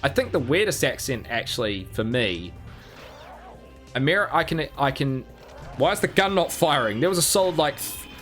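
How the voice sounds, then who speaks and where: A man's voice: medium pitch, very animated, moderate pace, fairly bright tone, soft background music. A man from New Zealand chatting casually while streaming a game, rambling and self-mocking with many restarts. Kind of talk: casual gameplay chat.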